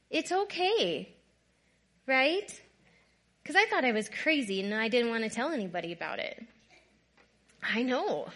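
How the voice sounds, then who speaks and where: A guest speaker with a high voice shares a candid personal testimony in a conversational style, often checking in with "right?" Her delivery shifts between soft, quiet passages and louder bursts.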